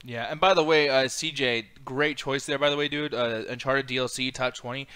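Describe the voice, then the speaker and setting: A man hosting a casual chat about video games, excitable and rambling, swearing freely as he argues his picks. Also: mid-range voice, a little fast, a crowd in the background.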